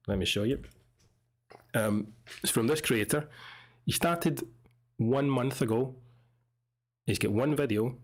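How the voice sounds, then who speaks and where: A man from Scotland with a Scottish accent, teaching English in a relaxed, chatty way as he comments on a video. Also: lowish voice. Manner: relaxed, chatty, explains pronunciation.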